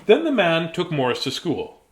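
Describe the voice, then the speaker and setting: Man, 50s, chatty storybook host, slightly high voice, lively up-and-down pitch, rambling asides. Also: normal speed, slight background noise. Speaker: host reading children's books. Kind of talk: casual live read-aloud.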